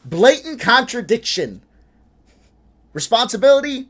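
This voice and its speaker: A man hosting a reaction video, talking in a frustrated, animated way, swearing and laughing between points. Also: a little high, measured pace. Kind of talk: casual reaction commentary.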